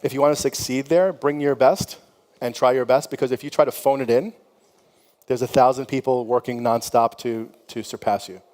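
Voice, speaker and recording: In a conference hall with long reverb, a middle-aged company founder on a panel tells frank, chatty stories, leaning on "you know" and laughter. His mid-range, darkish voice keeps fairly even intonation at a normal pace.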